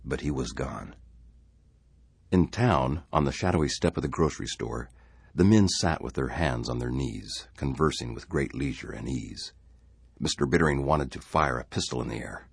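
A man reading a story aloud in a dramatic, expressive way. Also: a bass voice, normal speed, vocal fry, breathy edge, no echo, studio quality. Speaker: narrator.

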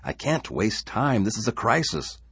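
A man's voice: rumbling low, lively intonation, normal speed, husky, dry recording, studio quality, voice pushed up, full character voice. A man voicing an anxious, stubborn settler who is driven by fear. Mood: tense.

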